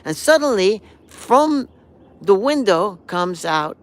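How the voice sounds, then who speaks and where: Hosting a live stream, a sixty-something man spins a meandering, lively tale at a measured pace, breaking into hummed tunes and performing quoted lines now and then. His pitch is fairly high.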